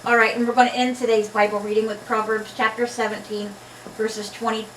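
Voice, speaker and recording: Brisk and fairly bright, this woman's fairly high voice stays flat as she reads scripture with a slight lisp, joking and chatting between passages for her casual vlog. A little hiss or hum sits under an echoey recording made far from the mic.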